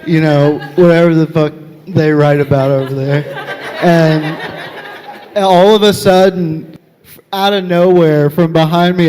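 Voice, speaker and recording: A high-voiced man works a live crowd in a stand-up set, telling stories at an unhurried pace and bursting into loud, profane punchlines. His voice rings with the long reverb of a big hall, and light audience laughter rises behind him. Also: a little hiss or hum. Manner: profane, animated storytelling with loud comic outbursts. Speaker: stand-up comedian. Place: large live venue with audience.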